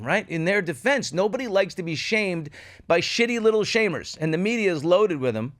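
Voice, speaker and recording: A man hosting a commentary show, talking in a sardonic way and poking fun at others as he riffs. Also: sits high. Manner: sardonic, mocking impressions of others. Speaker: podcast host.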